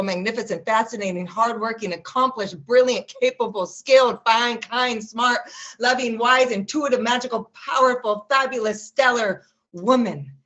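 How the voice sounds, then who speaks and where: A woman performing spoken word poetry at an open mic over a video call, with a rapid-fire, rhythmic list delivery and sharp mocking jabs. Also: fairly high pitch. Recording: muffled lo-fi video call audio.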